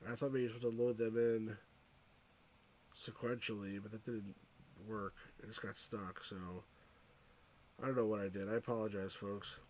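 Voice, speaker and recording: A man's voice: on the low side, flat delivery, moderate pace, long pauses, a little mellow, slight background noise. A man casually commenting on a retro computer game as he plays, rambling and often restarting his sentences. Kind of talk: casual let's-play commentary.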